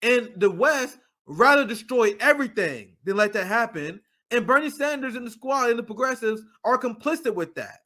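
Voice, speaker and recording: A man's voice: very high voice, animated, normal speed, hardly any pauses, pushed and bright. A man hosting a casual political commentary show, talking in a heated, blunt way and swearing freely. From United States.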